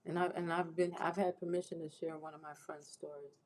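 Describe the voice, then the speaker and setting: Low-voiced woman making an earnest appeal. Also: little pitch movement, brisk, a crowd in the background, low-quality recording. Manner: earnest, repeats herself with restarts, preacherly encouragement. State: emotional, close to tears. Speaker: host of a faith-based livestream. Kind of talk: heartfelt spoken appeal to viewers.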